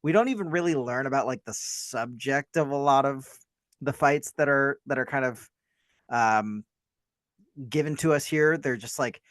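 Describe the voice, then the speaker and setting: Here a male podcast co-host talks loosely about a film, rambling, hedging and putting himself down. He speaks at a moderate pace in a mid-range, slightly bright voice, captured cleanly in a studio with no room sound.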